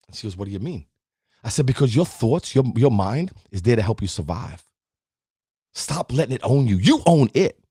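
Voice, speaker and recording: Middle-aged male podcast host, emphatic motivational talker, slightly raspy, dry booth. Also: mid-range voice, very animated, normal speed, mellow, no echo. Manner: preachy, emphatic, addresses listeners directly. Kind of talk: motivational talk.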